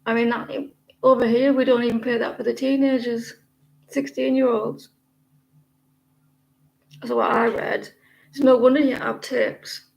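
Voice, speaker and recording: A woman's voice: fairly high pitch, little pitch movement, a little slow, gravelly, pauses often, darkish tone, rough recording. A British woman hosting a casual livestream, chatting with viewers in a rambling way with many fillers and restarts. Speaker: tarot livestream host.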